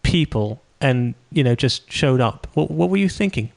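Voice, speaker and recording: Male podcast host, mid-pitched voice, chatty and enthusiastic interviewer. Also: expressive, normal speed, vocal fry. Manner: chatty, enthusiastic, frequent reactions. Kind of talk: conversational interview.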